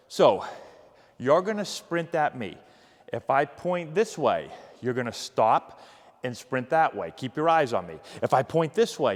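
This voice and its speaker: A man coaching youth agility drills, giving energetic, encouraging cues while demonstrating. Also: mid-range voice, big-room sound. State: out of breath. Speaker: baseball coach.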